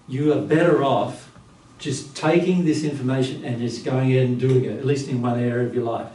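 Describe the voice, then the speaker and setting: A man giving a casual spiritual teaching talk to a small group, lively and blunt, often laughing. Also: medium pitch, normal speed. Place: living room. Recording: roomy, distant, faint room hum.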